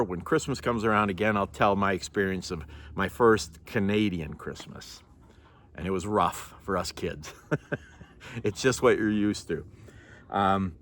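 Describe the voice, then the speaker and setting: A man from Norway chatting casually to camera, laughing now and then and clearing a scratchy throat. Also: lowish voice, a bit bright. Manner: chatty, laughs often, self-correcting. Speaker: vlogger.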